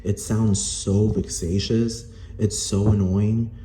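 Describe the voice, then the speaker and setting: Speaking slowly in a mellow, lowish voice with a level tone, a Spanish-speaking Puerto Rican vlogger delivers a profane, angry rant to camera full of "like." Some hiss or hum sits under the roomy, echoing recording.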